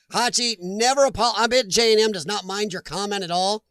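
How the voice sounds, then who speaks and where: A man's voice: high voice, moderate pace, a bit bright, smooth, dry recording. A middle-aged man hosting a casual live stream, chatting and laughing as he answers comments. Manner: chatty, laughs often, talks back to chat.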